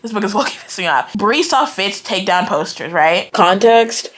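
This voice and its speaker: A young woman giving a casual, animated book reaction, ranting in exasperation and filling her talk with "like" and "right?". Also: mid-range voice, moderate pace. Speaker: book reviewer. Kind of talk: casual reading-reaction rant.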